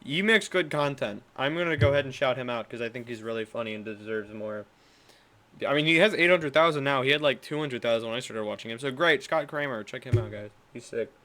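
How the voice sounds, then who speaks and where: A man's voice: mid-range voice, fairly quick, sharp tone. A young man hosting a podcast, chatting casually with crude, rambling, self-correcting talk. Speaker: podcast host.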